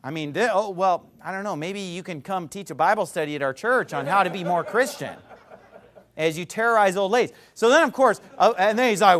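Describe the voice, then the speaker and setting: A man preaching a sermon, telling a story in an animated way and shouting out quoted lines. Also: sits high, brisk, a crowd in the background. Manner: animated, shouting when quoting people.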